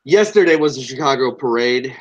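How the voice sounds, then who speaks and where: A man's voice: medium pitch, lively intonation, brisk, muffled recording, a crowd in the background. A young man co-hosting a podcast, laid-back and blunt, swearing freely in casual chat. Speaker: podcast co-host.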